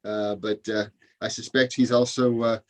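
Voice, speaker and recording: A man hosting a comedy show over a video call, introducing acts haltingly with many fillers. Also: lowish voice, level tone. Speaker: host.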